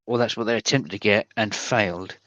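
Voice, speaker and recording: A man's voice: lowish voice, a little fast, a bit bright, dry recording, rough recording. A man narrating a tabletop game as game master, hesitant and full of fillers, over voice chat. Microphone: headset or desk mic over voice chat.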